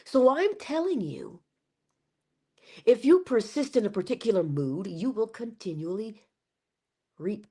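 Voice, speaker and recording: A woman's voice: fairly high pitch, lively intonation, unhurried, long pauses, mellow, breathy edge. A woman hosting a live-streamed inspirational talk, speaking in a preacherly way, greeting viewers by name, her voice congested. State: congested, coughing.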